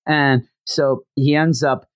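A man retells a cartoon episode in a casual, animated way, jumping into the characters' lines and often restarting his sentences. His voice sits at a middle pitch. The recording is dry and close. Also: slow, no echo. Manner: frequent restarts. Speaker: anime reviewer.

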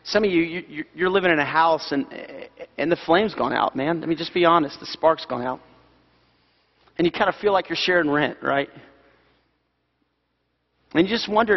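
A middle-aged man preaching a sermon in a church, animated and repeating key phrases for emphasis. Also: a little high, moderate pace, long pauses. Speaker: pastor. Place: church sanctuary. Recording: dull sound with long hall reverb.

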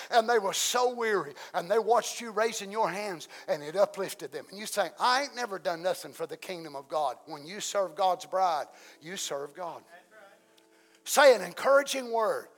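A man preaching a sermon in a folksy way, asking the congregation many questions and swinging between loud exclamations and soft asides. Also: sits high, lively intonation, moderate pace.

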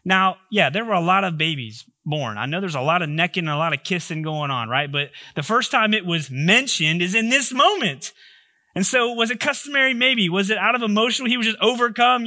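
Guy preaching a sermon, high bright voice, jokey and chatty, dry sound. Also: lively intonation, a little fast, no echo. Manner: humorous, conversational, joking asides. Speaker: pastor.

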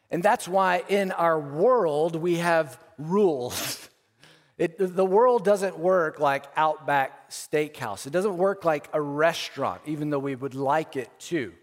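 A pastor preaching a sermon in a casual, energetic way, often stumbling over and repeating his words. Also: a little high. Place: large church auditorium. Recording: long hall reverb.

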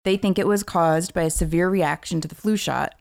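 A woman co-hosting a casual chat show, reading a news report aloud and adding quick asides. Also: lowish voice, vocal fry, a little mellow. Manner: reads news aloud, then quips. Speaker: podcast co-host.

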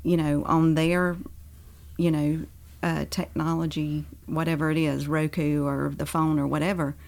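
A woman in her forties talks openly about raising teenagers. Her voice sits low and has a gravelly fry, and she chats in a candid, conversational way. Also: level tone, measured pace, darkish tone. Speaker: pastor's wife. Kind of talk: casual conversation.

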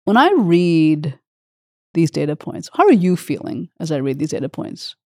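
Emotional woman host, affirming, dark mellow voice. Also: deep voice, very animated, moderate pace, no echo, studio quality. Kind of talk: interview conversation.

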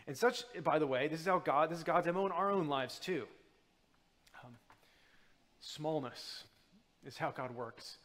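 A man's voice: fairly high pitch, a little slow, long pauses, a bit bright, big-room sound. A man giving a sermon as a guest preacher, talking casually with many fillers and restarts. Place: church.

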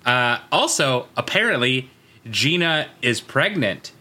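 A man's voice: medium pitch, sing-song, slow, bright, forceful tone. A man co-hosting a podcast, recapping a TV episode in casual, joking chat from his notes. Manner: joking, chatty, reads from notes. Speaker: podcast co-host.

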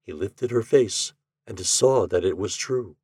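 Expressive male storybook narrator. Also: on the low side, slightly rough, no room sound, studio quality. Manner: measured, expressive reading. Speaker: guest reader.

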